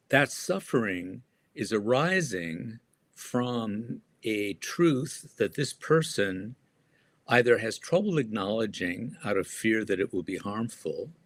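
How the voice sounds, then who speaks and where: A man answering interview questions as an author and guest, speaking thoughtfully with frequent pauses and restarts. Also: fairly low pitch, dry recording.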